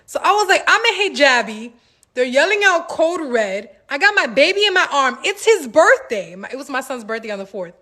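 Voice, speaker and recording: A woman hosting a casual livestream Q&A, telling stories in an animated, slangy way with laughs, into a phone mic. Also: sits high, brisk, hardly any pauses. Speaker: livestream host answering viewer questions.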